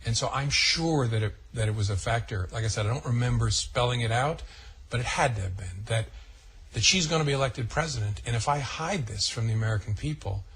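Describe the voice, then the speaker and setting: A man giving slow, deliberate answers in a television interview. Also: medium pitch, expressive, fairly bright tone, breathy edge. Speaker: interviewee in a broadcast clip.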